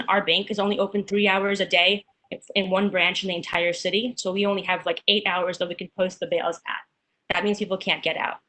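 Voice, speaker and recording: Rushed woman reading public comment. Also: on the low side, bright, forceful tone, a little hiss or hum, poor audio. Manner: rushed, stumbling restarts. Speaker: public commenter, bail advocate.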